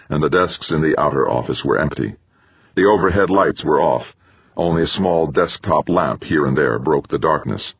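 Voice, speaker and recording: A man narrating a novel as an audiobook in a measured, steady reading style. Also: very deep voice, vocal fry, husky, no echo. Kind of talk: scripted narration. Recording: dry, slightly dull audio.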